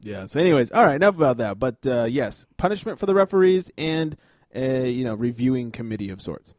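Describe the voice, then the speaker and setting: A man co-hosting a casual sports podcast, animated and crude, quick to joke. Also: mid-range voice, dry recording, studio quality. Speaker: podcast co-host.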